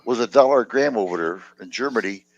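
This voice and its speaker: A man's voice: medium pitch, fast, dull audio, a crowd in the background. A man joking and telling stories in a casual group chat. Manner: animated, joking.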